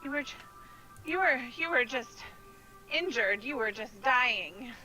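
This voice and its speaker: A woman's voice: high voice, animated, measured pace, sharp tone, soft background music, poor audio. A woman playing at a tabletop game, talking in character, alarmed and emphatic. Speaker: player.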